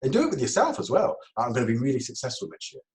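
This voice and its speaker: A man giving a talk on communication, lively, laughing often and acting out quoted exchanges. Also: medium pitch, racing, rough recording. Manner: lively, laughs between points, acts out quoted dialogue. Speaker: speaker.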